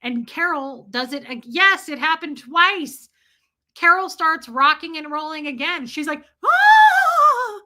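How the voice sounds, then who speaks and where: A woman's voice: high voice, unhurried. A woman hosting a casual livestream, ranting and telling stories with lots of swearing and talking straight to her chat. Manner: animated, profane storytelling; talks to chat directly. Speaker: livestream host.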